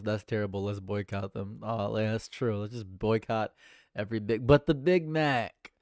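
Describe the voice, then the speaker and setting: A man chatting casually on a livestream, animated and laughing often, swinging between loud high bursts and low mutters. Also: normal speed, no echo, studio quality. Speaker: livestream streamer.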